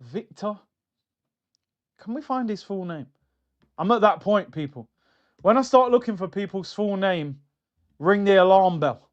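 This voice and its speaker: A man hosting a football fan channel, ranting in a mocking, slangy, animated way. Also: sits high, a little slow, pauses often. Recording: dull lo-fi sound.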